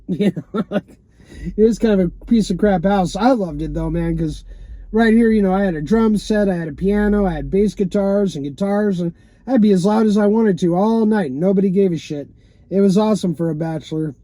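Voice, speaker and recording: A man's voice: sits high, mellow, no room sound. A man telling his own story in a loose, rambling monologue from a parked car, full of "you know" and "man" and casual swearing. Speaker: vlogger telling a personal story.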